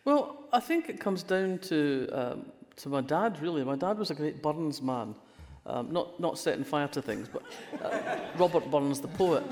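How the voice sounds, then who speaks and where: Speaking at a measured pace with few pauses, an older Fife woman with a Scottish accent has a deep, darkish voice and lively intonation. She is a crime writer guesting in a conversational interview, relating wry anecdotes and often restarting her sentences. The audio carries long reverberation like a hall.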